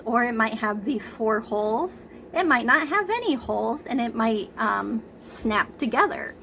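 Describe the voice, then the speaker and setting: A woman leads a preschool lesson from home through her computer camera, coaxing young children along in a gentle, unhurried way. Her voice sits a little high with a gravelly fry at the edges. A faint hiss runs beneath the recording. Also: poor audio. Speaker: preschool teacher. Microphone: computer camera mic.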